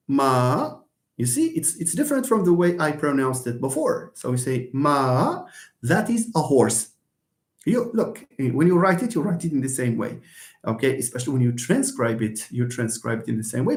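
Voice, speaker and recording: A man's voice: a little high, darkish tone, roomy sound. A man giving a live linguistics lecture, explaining step by step with many fillers and checks like "okay?", and voicing example words aloud to show tones.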